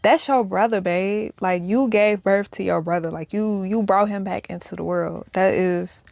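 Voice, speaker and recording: A young adult woman giving casual reaction commentary, animated and slangy, swinging between soft musing and loud outbursts. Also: mid-range voice, moderate pace, creaky, no room sound, studio quality. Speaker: reaction vlogger.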